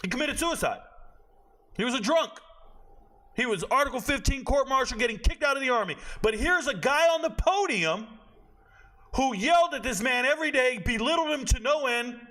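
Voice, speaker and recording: Bright, high-voiced blunt man ranting. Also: expressive, normal speed. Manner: blunt, profane, rambling into tangents. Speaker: sports commentator and show host. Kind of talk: casual opinionated rant.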